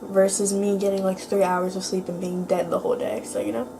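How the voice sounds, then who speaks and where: A teenage girl vlogging in a casual chat, her voice lowered by illness, rambling and filling her speech with "like". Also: flat delivery, a little fast, dark tone, slight background noise. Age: teens. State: sick, voice lower than usual.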